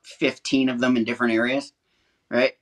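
A man's voice: mid-range voice, little pitch movement, moderate pace. A man co-hosting a talk show, chatting casually and explaining with rising emphasis. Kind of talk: casual chat.

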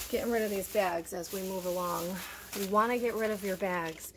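Speaking fast over music, this mid-range female vlogger shows off her grocery haul, slightly winded while unpacking at home. She chats casually to the camera and addresses everyone as "you guys."

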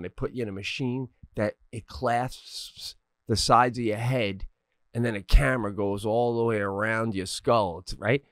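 A man co-hosting a podcast in casual chat, telling animated stories with shouted acted-out bits. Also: mid-range voice, no echo. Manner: laughs often mid-story. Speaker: podcast co-host.

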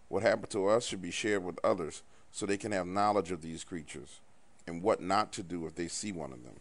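A man narrating a first-person horror story in a hushed, somber way. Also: on the low side. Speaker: storyteller recounting an encounter.

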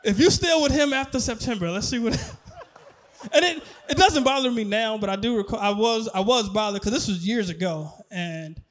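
A man performing a stand-up comedy set on stage, animated, laughing and shouting at his punchlines. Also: high-pitched, moderate pace. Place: comedy stage before a live audience.

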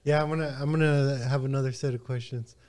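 A man on a talk show, quietly reading out poll results. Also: medium pitch, fast. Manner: quiet, flat reading of numbers. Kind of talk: casual chat.

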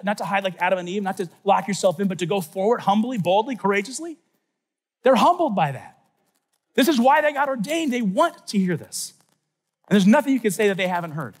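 A middle-aged man giving an animated faith talk at a youth conference, telling stories with sudden shouts and soft asides. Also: sits high. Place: large conference hall.

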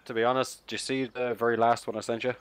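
A man's voice: medium pitch, little pitch movement, fast, smooth, no echo. A man chatting with friends over voice chat, swearing and giving advice on gear. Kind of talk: casual chat among friends.

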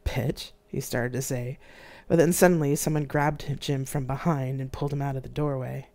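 An author reading their own novel aloud in an expressive, dramatic live-streamed narration. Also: medium pitch, fairly quick.

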